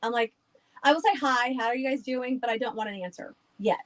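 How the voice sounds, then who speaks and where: A woman's voice: a little high, brisk, rough recording. A woman guest on a podcast, chatting casually and rambling with frequent laughs. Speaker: guest, haunted house owner.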